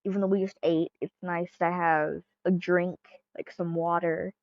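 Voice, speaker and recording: A woman's voice: fairly low pitch, flat delivery, moderate pace, no room sound, highs cut off, lightly acted. A woman playing a playful, teasing young girlfriend in a fan audio role-play.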